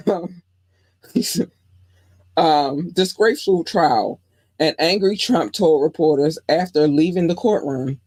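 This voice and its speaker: A woman's voice: low voice, slow pace, long pauses, a little mellow, dry recording. Woman podcast host, casual news commentary, chatty asides, dry close sound. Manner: chatty, reads news aloud with frequent asides and questions.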